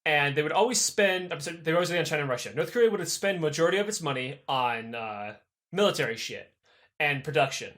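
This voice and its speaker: A young man co-hosts a casual podcast, spinning a history story with plenty of swearing. His voice sits high and swings widely in pitch. He breaks into quick voices for the people he describes. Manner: animated, profane, acts out characters in quick voices. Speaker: podcast co-host.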